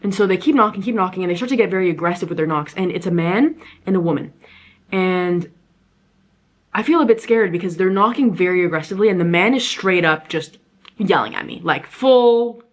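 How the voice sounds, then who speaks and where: A young woman travel vlogger telling a story in a casual, animated, rambling way, often restarting her sentences. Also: lowish voice, fairly quick. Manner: animated, rambling, frequent self-corrections.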